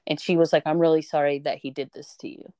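A young woman tells a high school story on her podcast with lively, animated energy, putting on the voices of the people she quotes. Her voice sits on the low side and is smooth and clear, recorded dry and close to the mic. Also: quick pace, dry recording. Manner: animated, acts out quoted voices, swears freely. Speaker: podcast host. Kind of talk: casual storytelling chat.

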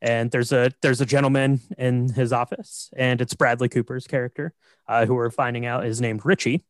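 A man's voice: medium pitch, little pitch movement, moderate pace, dry recording. A man co-hosting a podcast, steadily explaining a film's plot and often checking in with his partner. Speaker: podcast co-host. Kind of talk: casual chat recapping a film.

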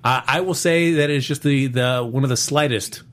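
A man's voice: medium pitch, normal speed, fairly bright tone. A man hosting a casual live-streamed film and box office chat, rambling with lots of fillers. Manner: rambling, many fillers and restarts. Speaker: podcast host.

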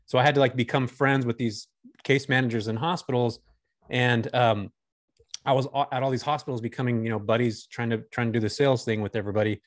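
A man in his forties from Northern California talks in a loose, chatty way as a podcast guest. He strings stories together and laughs easily, at a middling pitch. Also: steady tone, brisk. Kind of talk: casual podcast interview.

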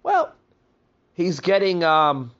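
A man's voice: a little high, huge pitch swings, takes it slowly, fairly bright tone, dull audio. A man hosting a political podcast in a casual, conversational way, often calling his listeners folks. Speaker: podcast host.

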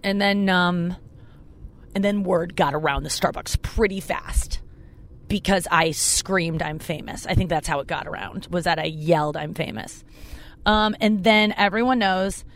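A young adult woman hosting a podcast from her car, telling a rambling, self-mocking story in casual chat. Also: measured pace. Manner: rambling, self-mocking, jumps up high when quoting people. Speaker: podcast host and comedian.

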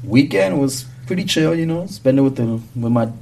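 A man co-hosting a casual podcast, laid-back and low-key, a little sick. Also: lively intonation, moderate pace, creaky, mellow. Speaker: podcast co-host and DJ.

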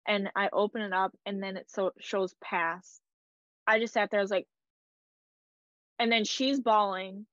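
A woman's voice: medium pitch, fairly even intonation, unhurried, pauses often, a bit bright, no room sound. Young woman, chatty, emotional storyteller, lo-fi audio, dry sound. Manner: chatty, emotional, full of "like" and quoted dialogue. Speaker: guest. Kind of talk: casual storytelling in an interview.

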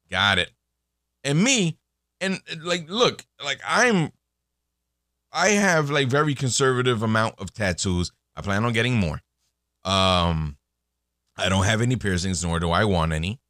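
A man in his thirties talks casually and slowly into a close mic, his voice low but swinging widely in pitch. He rambles, restarting sentences and filling gaps with "like" and "uh." The sound is dry and close. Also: fairly bright tone, no room sound. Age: 30s. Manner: rambling with many fillers and restarts. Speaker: podcast host. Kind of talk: casual monologue.

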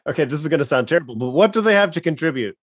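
A man co-hosting a casual podcast, talking in a rambling, halting way with frequent restarts. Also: a little high, animated, husky, no room sound, studio quality. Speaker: podcast co-host.

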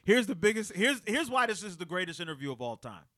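A man hosting a studio talk show, telling a story with great energy and acting out the quotes with sudden loud outbursts. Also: sits high, very animated, quick pace, dry recording. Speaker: radio show host. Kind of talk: animated casual studio banter.

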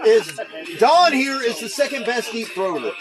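A man's voice: very high-pitched, sing-song, moderate pace, over loud music. A man joking, swearing and counting out drinking contests with friends at an outdoor festival. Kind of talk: rowdy party banter. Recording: loud crowd chatter throughout.

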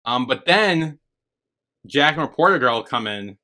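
A man's voice: lively intonation, unhurried, sharp tone. A man co-hosting a podcast, chatting casually and animatedly about a drama's finale, swearing freely and acting out the characters' lines. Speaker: podcast co-host. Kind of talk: casual recap chat. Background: squeaky chair.

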